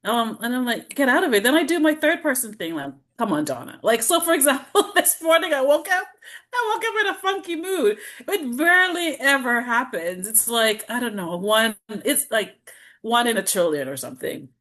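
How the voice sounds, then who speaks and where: A woman's voice: sits high, sing-song, moderate pace, fairly bright tone. A middle-aged woman, a healing practitioner, chatting as a podcast guest and acting out her own self-talk with lots of laughter. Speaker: guest, traditional Chinese medicine practitioner. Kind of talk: casual podcast conversation.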